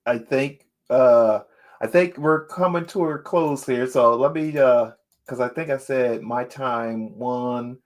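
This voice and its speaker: Slow-talking man chatting with his stream. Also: medium pitch. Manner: laughs often, reads chat aloud, playful. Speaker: livestream host. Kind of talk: casual livestream chat.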